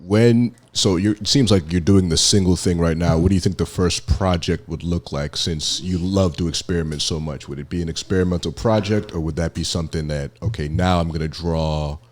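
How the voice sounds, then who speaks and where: A young adult man hosts a casual podcast interview, asking loose questions with plenty of "like" and "um." His voice sits on the lower side. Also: fairly quick, few pauses, darkish tone. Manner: laid-back questions full of "like". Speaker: podcast host.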